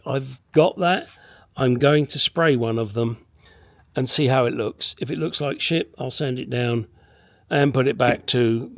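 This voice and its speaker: A man talking candidly in a casual workshop vlog, bluntly explaining car bodywork with frequent swearing and hesitant fillers. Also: medium pitch. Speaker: car restoration vlogger.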